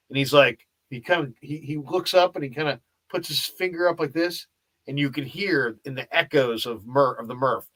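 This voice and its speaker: Bright-voiced sports radio host, storytelling. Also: male voice, medium pitch, moderate pace. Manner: lively storyteller, acts out the dialogue. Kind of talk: casual sports talk, anecdote telling.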